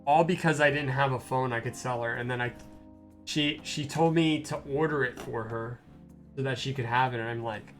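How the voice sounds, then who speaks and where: A man's voice: medium pitch, normal speed. A young man streaming a game, telling a rambling story in a casual way, with restarts and swearing. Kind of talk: casual gameplay stream chat. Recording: stream with faint game music.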